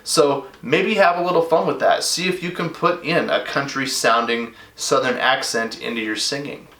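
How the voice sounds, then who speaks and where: A man's voice: medium pitch, steady tone, normal speed, a bit bright, reverberant. A man teaching a recorded music lesson to his students in a casual, chatty way, full of asides and fillers.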